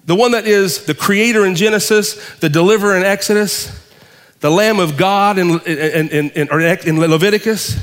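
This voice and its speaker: A male pastor delivers a fervent sermon, stacking phrase on phrase in rhythmic lists. His voice is fairly high for a man, and it carries through a space with a long, lingering reverb. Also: normal speed, a bit bright.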